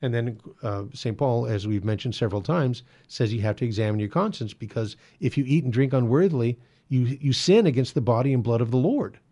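Male host, gravelly mid-pitched voice, casual teaching monologue full of ums and restarts. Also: lively intonation, a little fast, few pauses, dark tone. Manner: conversational, frequent fillers and restarts. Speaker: Catholic apologetics host.

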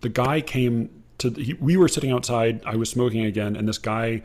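A man's voice: medium pitch, normal speed, a little mellow. A man hosting a podcast, telling a story in a wry, rambling way and correcting himself as he goes. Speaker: podcast host. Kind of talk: casual storytelling chat.

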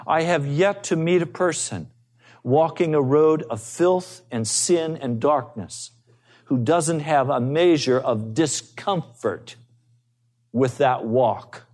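A man's voice: fairly high pitch, darkish tone. A man preaching a sermon as pastor, earnest, telling stories and acting out the people in them. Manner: slow, earnest preaching with acted-out quotes.

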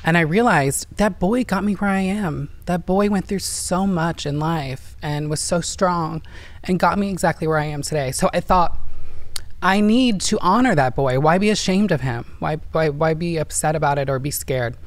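A woman's voice: low voice, moderate pace, no echo. A woman from Indiana, telling her personal story earnestly and emotionally as an interview guest. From Indiana, USA.

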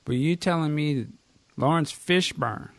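A man hosting a casual podcast chat, animated, often exclaiming and laughing. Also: fairly high pitch, moderate pace, creaky, dry recording. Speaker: host.

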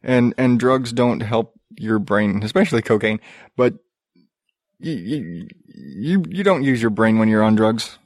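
A man's voice: on the low side, moderate pace, a little mellow, no echo, clean studio sound. A man hosting a podcast, ranting in a profane, exasperated and sarcastic way. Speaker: podcast host. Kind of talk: ranting casual commentary.

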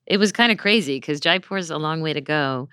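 Smooth-voiced woman hosting a podcast. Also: deep voice, animated, brisk, fairly bright tone, dry recording, studio quality. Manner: upbeat and welcoming. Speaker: podcast host, magazine editor. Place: podcast studio.

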